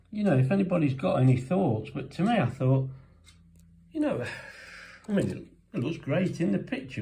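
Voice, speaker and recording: A man's voice: high-pitched, big pitch swings, normal speed, gravelly, mellow. A man chatting casually in his home cooking vlog, talking to himself as he tastes a cake. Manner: chatty, self-talking, talks with mouth full.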